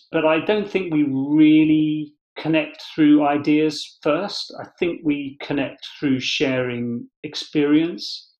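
A man speaking as a podcast guest, explaining his ideas in a thoughtful, measured way with gentle restarts. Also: on the high side. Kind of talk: reflective conversational explanation. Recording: slightly dull lo-fi sound.

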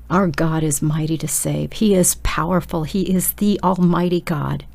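A woman delivers a sermon in a low, gravelly voice. Her tone is dark and mellow, and she presses every point with urgent, emphatic exhortation aimed straight at her listeners. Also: steady tone, moderate pace, few pauses. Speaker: preacher.

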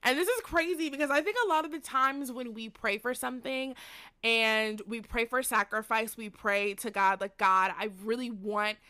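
Bright-voiced young woman, earnest and candid. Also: on the high side, moderate pace, smooth, no echo. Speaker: podcast host. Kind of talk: personal faith podcast monologue. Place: at home during a storm.

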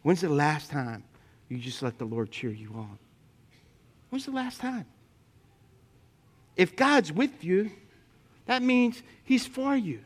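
A man preaching a sermon, telling humorous personal stories to his congregation and swinging between loud emphatic points and quiet asides. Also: sits high, takes it slowly, pauses often. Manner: lively storytelling with humor, speaking to the congregation. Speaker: pastor.

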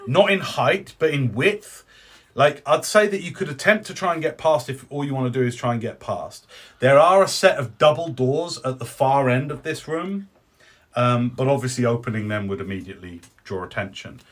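A man's voice: mid-range voice, lively intonation, normal speed. A man running a tabletop game as game master, describing scenes with fillers and self-corrections.

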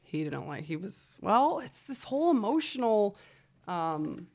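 A woman in her thirties telling a story in casual chat, animated and swearing, acting out what others said. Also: mid-range voice, a little slow, gravelly. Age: 30s. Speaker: podcast guest.

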